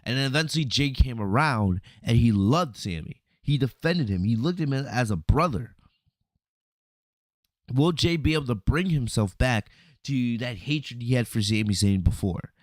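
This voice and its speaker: Animated man recapping, dry sound. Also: mid-range voice, normal speed, no room sound. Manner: animated storytelling, acts out quotes, frequent "right?" and "you know". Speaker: podcast host reviewing wrestling. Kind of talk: casual solo review commentary.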